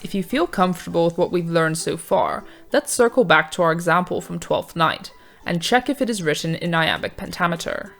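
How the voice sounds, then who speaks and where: A woman with a slightly low voice narrates a scripted revision lesson. She explains each step in a measured, clear way, and faint music plays underneath. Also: lively intonation, a bit bright. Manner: measured, clear teaching delivery. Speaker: revision tutor.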